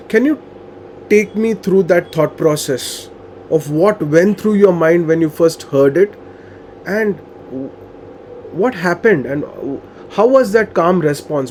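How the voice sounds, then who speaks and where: Guy asking long earnest questions, bit high voice, lots of you know, faint background hum. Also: a little mellow. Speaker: interviewer and coach. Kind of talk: conversational interview questions.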